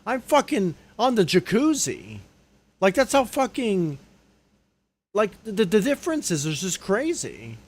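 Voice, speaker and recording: A young man rants angrily into his desk mic during a livestream. He swears constantly and keeps ending his sentences on a low, muttered "dude". His voice sits high and jumps wildly between peaks and dips. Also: huge pitch swings, unhurried, breathy edge. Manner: angry, profane ranting, trailing off low on "dude". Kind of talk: live stream rant. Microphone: desk microphone.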